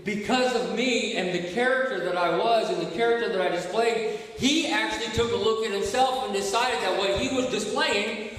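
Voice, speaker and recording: A man preaching to a recovery group, impassioned, dropping low and hushed then rising loud. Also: moderate pace. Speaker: recovery ministry speaker. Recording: echoey hall, mic from far off.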